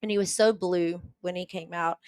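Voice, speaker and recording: A woman from New Zealand, a podcast guest, earnestly retelling a personal story with quick restarts. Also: fairly low pitch, fairly even intonation, a little mellow, clean tone, no room sound.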